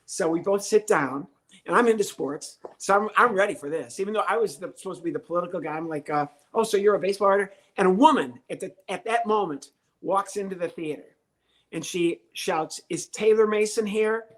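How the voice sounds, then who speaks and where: Older guy comedian telling a story on a podcast, acts out all the voices, super animated. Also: high-pitched, a little fast. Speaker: podcast guest, comedian and ventriloquist. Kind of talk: storytelling interview.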